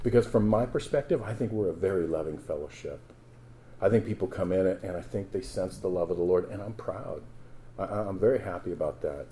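Dark-voiced pastor preaching to his congregation. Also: sits low, brisk, slight background noise. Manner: conversational preaching, rising to emphatic scripture reading. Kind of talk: sermon.

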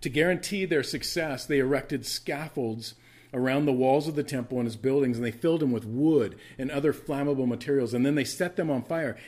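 A male pastor delivering a sermon in a teaching style. He leans hard on key words, repeating them for stress, and drops casual asides and fillers between points. His pitch sits in an ordinary middle range for a man. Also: brisk, darkish tone. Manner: emphatic teaching, repeats key words for stress, asks listeners to take notes.

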